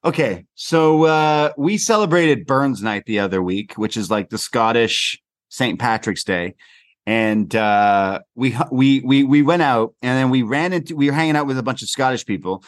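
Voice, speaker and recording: A man's voice: mid-range voice, animated, moderate pace. Chatty Canadian man recapping wrestling. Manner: rambling, swears casually, many fillers. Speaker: podcast co-host. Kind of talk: casual wrestling recap chat.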